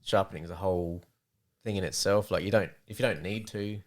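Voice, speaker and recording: A man, a hunter chatting as a podcast guest in a relaxed, plain-spoken way and laughing often. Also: deep voice, fairly quick. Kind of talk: casual chat.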